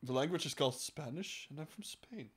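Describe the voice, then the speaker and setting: A man's voice: fairly high pitch, expressive, fairly quick, breathy edge. A man hosting a crude comedy podcast, swearing a lot, laughing often and mocking people in put-on voices. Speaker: podcast host.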